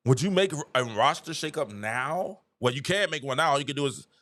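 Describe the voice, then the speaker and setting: A man's voice: mid-range voice, animated, a little fast, a bit bright. A man hosting a basketball show, talking casually and animatedly and laughing at his own jokes. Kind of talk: casual sports commentary.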